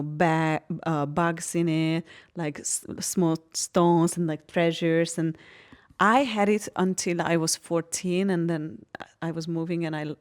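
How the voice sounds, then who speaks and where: A woman from Hungary talks openly in a relaxed podcast conversation. Her voice sits a little low, and she tells stories with animation, often breaking into laughter. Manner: animated storytelling, laughs often, frank and expressive. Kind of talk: casual podcast chat.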